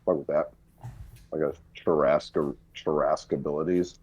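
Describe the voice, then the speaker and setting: A man's voice: rumbling low, fairly even intonation, moderate pace, a little mellow, breathy edge, muffled recording. A man hosting a live stream, chatting casually while eating. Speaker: streamer host. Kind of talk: casual chat.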